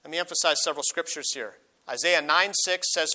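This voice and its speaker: A middle-aged man preaching a sermon as a pastor, earnest, slowing down and rising when he reads scripture aloud. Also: a little high, sharp tone. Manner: earnest, slows and rises on quoted verses.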